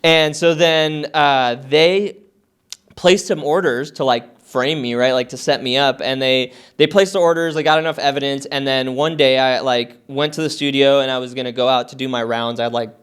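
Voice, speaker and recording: A man in his thirties telling his story as a podcast guest, animated, swearing a lot and filling his talk with "like". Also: medium pitch, moderate pace, clean tone. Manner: many fillers like "like" and "uh". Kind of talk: casual storytelling interview.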